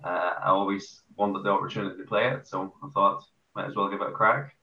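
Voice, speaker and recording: A man's voice: deep voice, little pitch movement, brisk, reverberant, recorded from a distance, phone-quality sound. An Irish man being interviewed as a guest about playing amateur football, chatty with playful boasts. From Ireland. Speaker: guest, amateur footy ruckman. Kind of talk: casual podcast interview.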